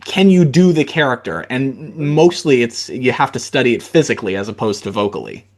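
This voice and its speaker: A man's voice: mid-range voice, expressive, brisk. A man hosting an interview podcast, talking casually and hesitantly with many fillers. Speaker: podcast host.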